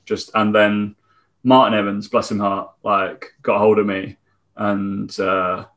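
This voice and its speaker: Lower-voiced man telling stories. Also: flat delivery, a little slow, a bit bright. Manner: rambling anecdotal storytelling. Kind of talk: casual chat.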